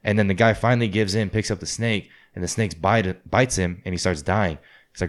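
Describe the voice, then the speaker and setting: A man's voice: low-pitched, brisk. A man chatting casually with friends, rambling and swearing freely as he tells stories. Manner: profane, rambling storyteller. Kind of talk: casual chat.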